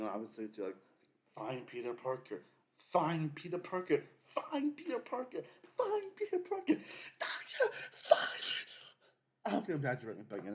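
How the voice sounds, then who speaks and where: A man's voice: medium pitch, darkish tone. A young man hosting a casual video essay, rambling with many fillers and restarts.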